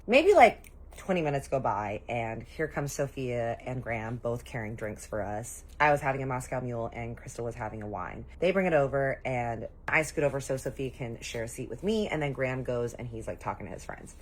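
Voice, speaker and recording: Husky low-voiced woman telling a story. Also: brisk. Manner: lively, chatty, acts out what others said; says y'all and girl often. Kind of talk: casual storytime.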